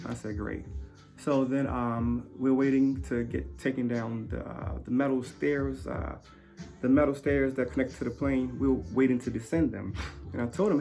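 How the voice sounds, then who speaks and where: A man giving an emotional personal account of an arrest, halting with fillers, dropping to low murmurs then bursting out loud. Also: vocal fry, soft background music. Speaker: interviewee recounting arrest.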